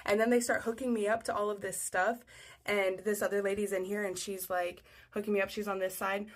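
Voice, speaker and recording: A woman's voice: mid-range voice, steady tone, fairly quick. Young woman rambling thru a storytime, lots of "like", acts out every line people said. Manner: chatty, full of "like", acts out what people said. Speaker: storyteller on social video. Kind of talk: casual storytime monologue.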